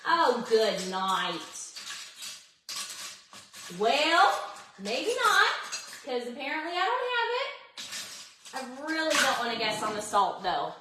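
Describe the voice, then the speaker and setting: A woman's voice: high voice, sing-song, slow pace, pauses often, roomy sound, background noise. A woman, cooking at home and chatting to viewers in a self-mocking, dramatic way. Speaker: cooking vlog host. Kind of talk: casual kitchen chat to viewers. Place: home kitchen.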